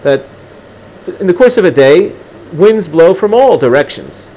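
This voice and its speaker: A man's voice: high voice, very animated, measured pace, dark tone. A man teaching a Gemara lesson, reading Aramaic lines in an Ashkenazi Hebrew pronunciation and translating them, with frequent restarts. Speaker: Talmud teacher.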